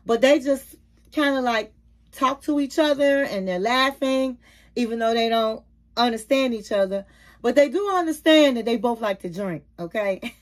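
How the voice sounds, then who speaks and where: A woman's voice: a little high, animated, moderate pace. A woman recapping a reality show for her channel's viewers in a chatty manner, calling them queens, honey and baby. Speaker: YouTube reality-TV reviewer. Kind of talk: casual recap and commentary.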